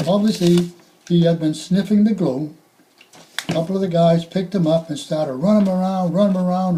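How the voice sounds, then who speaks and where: An older man, a retired firefighter slowly recounting sad calls, halting and repeating himself. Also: high-pitched, warm tone, slight background noise, low-quality recording. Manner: halting, reflective, repeats words. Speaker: retired firefighter telling stories. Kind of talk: spoken reminiscence.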